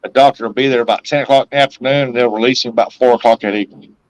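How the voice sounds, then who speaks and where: A man's voice: medium pitch, fairly even intonation, very fast, no echo, muffled recording. Rambling man, casual stream host, dry close mic. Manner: rambling, laughs often. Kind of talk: casual chat.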